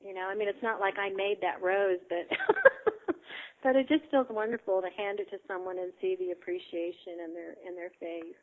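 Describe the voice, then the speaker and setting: A woman's voice: mid-range voice, lively intonation, moderate pace. Chatty woman on a tinny phone line. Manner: chatty, laughs often, many fillers. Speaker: interview guest. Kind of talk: casual storytelling.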